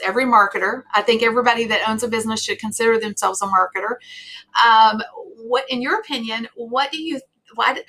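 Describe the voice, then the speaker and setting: A woman from the United States hosts a live online stream in a loose, chatty way, looping back through fillers and restarts. Her voice sits a little high and rings out bright and forceful. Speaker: host.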